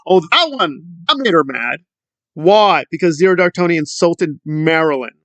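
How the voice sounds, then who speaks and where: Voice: mid-range voice, expressive, moderate pace, a bit bright, dry recording. A commentary YouTuber ranting in a sarcastic, scornful tone.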